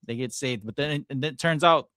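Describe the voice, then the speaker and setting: A man's voice: medium pitch, brisk, bright, forceful tone, no echo, clean studio sound. A man co-hosting a casual podcast review, talking loosely with lots of "like" and frequent laughter. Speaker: podcast co-host.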